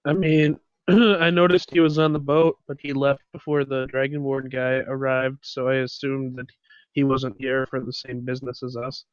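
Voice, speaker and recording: A man playing a tabletop game in a flat, slightly apologetic way. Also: medium pitch, moderate pace, clear, resonant tone, dry recording. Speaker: player. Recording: dull lo-fi mic.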